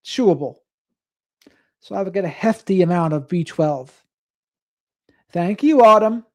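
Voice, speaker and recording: A late-night livestream host talks loosely into a desk mic, reading out comments from the audience and wandering off into side topics. The pitch sits in a middle range, and the delivery is easygoing and chatty. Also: expressive, a little slow. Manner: rambling, reads out viewer comments and drifts into asides. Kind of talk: casual late-night live stream chat.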